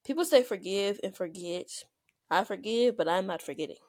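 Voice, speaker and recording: Woman, Southern accent, podcast co-host, quick jumbled speech, dry close mic. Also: mid-range voice, darkish tone, no room sound. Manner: fast-talking, words jumbling together. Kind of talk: casual chat.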